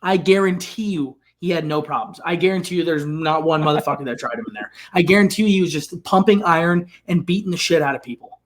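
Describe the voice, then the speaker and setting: A man's voice: a little high, fast talker, few pauses. A man co-hosting a sports podcast, chatting casually and hammering points home through repetition. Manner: emphatic, repeats phrases for effect. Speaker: podcast co-host. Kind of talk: casual chat.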